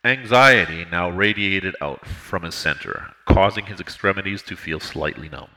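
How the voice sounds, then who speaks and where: A man narrating an audiobook in a measured, steady reading. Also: low-pitched, rough recording.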